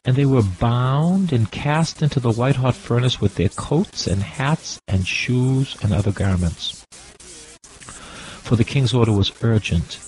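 A man's voice: mid-range voice, measured pace, a little mellow, rough recording. A man preaching a sermon with an impassioned, repetitive cadence, drawing out his words.

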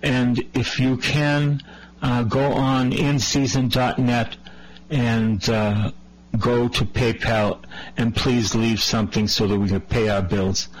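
A man's voice: medium pitch, flat delivery, takes it slowly, rough recording. A man preaching a sermon, reading scripture aloud and then explaining it in a conversational way, with some false starts.

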